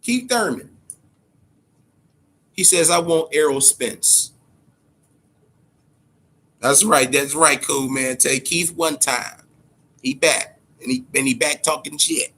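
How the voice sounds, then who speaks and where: A man's voice: on the high side, slow pace, pauses often, bright, forceful tone, slightly rough. A man hosting a boxing talk show, ranting in heated, profane casual commentary and repeating words when worked up.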